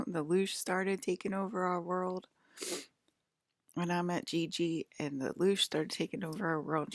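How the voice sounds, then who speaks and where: Speaking a little slowly in a lowish voice with a steady tone, an East Coast woman in her thirties chats loosely with her vlog audience. She laughs a lot and now and then falls to a whisper. The recording is dry.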